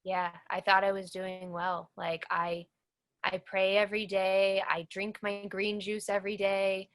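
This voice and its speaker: A woman's voice: mid-range voice, flat delivery, unhurried, a bit bright. A woman giving an earnest personal testimony in an interview, telling her story emphatically and repeating phrases for weight. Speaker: cancer survivor guest.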